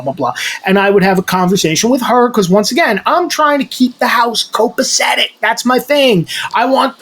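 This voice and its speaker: A man telling a long story as a podcast co-host, swearing freely and acting out what others said. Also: sits high. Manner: profane, animated, acts out dialogue. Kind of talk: casual storytelling.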